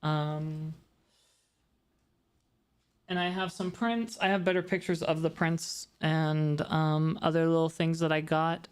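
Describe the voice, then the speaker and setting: A woman's voice: deep voice, fairly even intonation, slow, pauses often, darkish tone, clean tone. A woman streamer chatting casually with her live audience, rambling and talking straight to her chat. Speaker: VTuber streamer.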